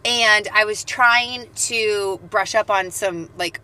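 Bright, chatty female podcast co-host. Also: medium pitch, slow pace, low-quality recording. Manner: chatty, rambling storyteller. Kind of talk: casual chat.

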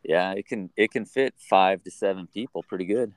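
Middle-aged male podcast co-host, low register, halting conversational delivery, dry close recording. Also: dry recording. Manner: halting, restarts phrases often. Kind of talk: casual chat.

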